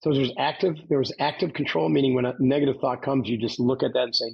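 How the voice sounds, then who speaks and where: A man's voice: mid-range voice, fairly even intonation, fast talker, vocal fry, husky, highs cut off. A man speaking as a podcast guest, a former Navy SEAL, telling his story in an emphatic coaching tone and often checking in with "right?". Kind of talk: conversational storytelling.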